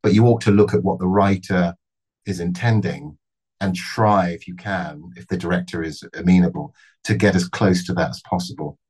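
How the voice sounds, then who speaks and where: A middle-aged man with a very low, husky voice talks about his craft as an actor. He speaks in measured, reflective phrases and often restarts mid-sentence. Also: fairly even intonation, a little mellow, low-quality recording. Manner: thoughtful, measured, with frequent restarts and fillers. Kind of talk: reflective interview answers.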